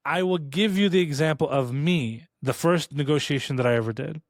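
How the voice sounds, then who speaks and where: Man, podcast co-host, casual storytelling, fairly high voice, dry close sound, quick and animated. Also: no echo. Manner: animated, acts out quoted lines in a raised voice; fast, rambling with restarts. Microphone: studio podcast mic.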